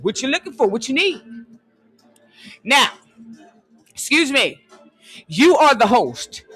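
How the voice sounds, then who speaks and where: A livestream host ranting emphatically, often repeating "excuse me" and "hold on", swinging between loud and hushed and drawing out key phrases into a phone. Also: high voice, sing-song, slow, husky, soft background music. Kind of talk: conspiracy rant on a live stream.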